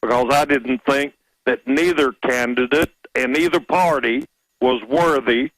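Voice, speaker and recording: A man calling in to a radio talk show, speaking in a measured, storytelling way. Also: medium pitch, fairly even intonation, a bit bright, no echo, low-quality recording. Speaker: caller. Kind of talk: phone-in radio call.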